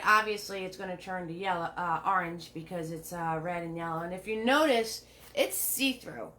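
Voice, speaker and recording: Bright-voiced woman teaching painting. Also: medium pitch. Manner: chatty, greets viewers by name while painting; repeats steps, asks "right?" often. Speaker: painting instructor. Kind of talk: live-streamed painting lesson.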